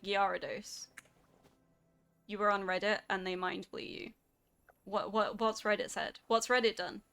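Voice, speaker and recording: A woman's voice: mid-range voice, sharp tone. A woman streamer chatting casually with her viewers while she plays a game, reacting animatedly to their comments. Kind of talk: casual gameplay chat with chat.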